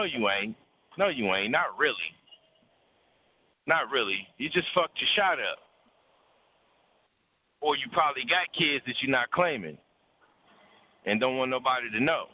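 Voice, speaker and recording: A man with a fairly high voice lectures bluntly and preachily in casual call-in talk about relationships, swearing freely and repeating words to hammer his points. The call line is thin and phone-like with little low end, plus slight background noise.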